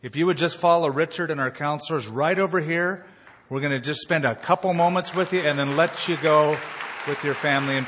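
Pastor, upbeat crowd-directing, long hall reverb, crowd and noise behind. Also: male voice, on the high side. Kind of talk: closing remarks at a service. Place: large arena.

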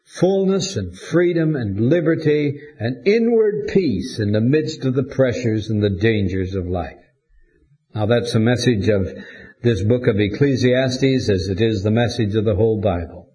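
A man preaching a sermon to his congregation in a measured, deliberate way with pauses. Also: lowish voice, expressive, dark tone. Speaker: pastor.

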